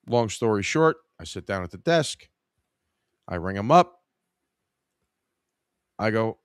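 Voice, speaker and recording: A man's voice: lowish voice, lively intonation, slow, pauses often, clear, resonant tone, dry recording, clean studio sound. Profane, exasperated male storyteller. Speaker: podcast host. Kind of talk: casual storytelling.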